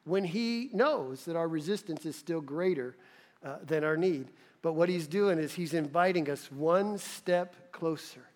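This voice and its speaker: A man's voice: fairly high pitch, measured pace, in a large hall. A male pastor preaching a sermon in an earnest manner that rises to emphatic peaks.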